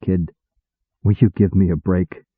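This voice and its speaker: A man's voice: sits low, steady tone, unhurried, husky, no room sound. A man voicing an impatient, wisecracking male demon who talks bluntly in slang, on a tinny recording. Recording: tinny phone-like dry sound.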